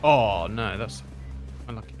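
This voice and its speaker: A man co-hosting a gaming stream, teasing and excitable in his reactions. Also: fairly low pitch, a little slow, soft background music. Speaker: stream co-host. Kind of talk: casual gaming chat.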